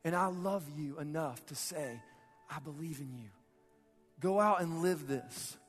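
A preacher voicing a laid-back, fervent savior. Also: male voice, fairly high pitch, unhurried, in a large hall, faint music behind, natural voice. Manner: laid-back slangy, building to earnest declarations. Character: casual, warm male savior figure, calm then fervent.

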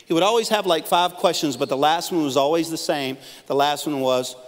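A middle-aged pastor with a somewhat high voice speaks a little fast as he preaches a sermon, telling humorous stories and acting out quoted lines. He's in a church auditorium, and the hall's long reverb is audible.

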